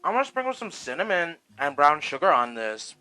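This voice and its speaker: A man's voice: on the high side, very animated, fairly quick, sharp tone, soft background music, low-quality recording. A man hosting a casual home cooking vlog, sassy and profane, calling viewers "girl" and "honey". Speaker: cooking vlogger. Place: home kitchen.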